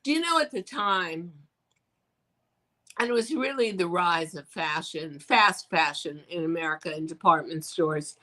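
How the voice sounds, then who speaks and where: An older woman with a bright, clear voice recounts her career as a guest on an interview show. She tells it with animation and briefly acts out the voices of the people in her story. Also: lowish voice, a little slow, rough recording. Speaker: fashion designer guest.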